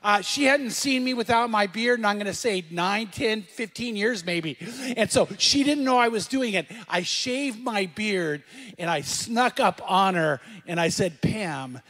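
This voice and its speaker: A middle-aged man delivers a sermon in a conversational way, asking the congregation questions and repeating phrases for emphasis. His voice sits high for a man. The sound carries a long reverb, like a large church. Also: lively intonation, measured pace, fairly bright tone. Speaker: pastor.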